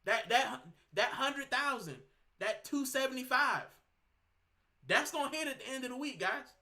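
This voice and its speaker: Ranting bright-voiced male fan. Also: extremely high pitch, animated, moderate pace. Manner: fuming, ranting, repeats himself. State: sick, straining his voice. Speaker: fan channel host. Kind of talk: heated fan rant to camera.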